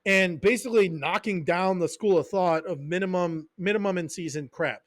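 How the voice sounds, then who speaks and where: A man with a fairly high voice rants on a casual podcast as a strength coach. He swears freely, hammers short repeated phrases and drifts into tangents. The sound is dry and close, with no room around it. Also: normal speed, dry recording. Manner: profane, fired-up, goes on tangents.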